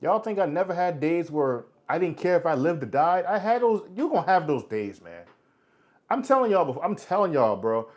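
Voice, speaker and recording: A man in his forties hosting a casual live chat. He answers viewers' comments bluntly and preaches at them, calling them "bro" and "man" in American street talk. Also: fairly high pitch. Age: 40s. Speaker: livestream host.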